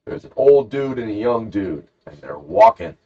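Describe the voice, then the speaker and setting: A man's voice: medium pitch, sing-song, normal speed, vocal fry, mellow. A man co-hosting a podcast who tells a rambling, jokey story in casual chat. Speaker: podcast co-host. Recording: dull lo-fi podcast recording.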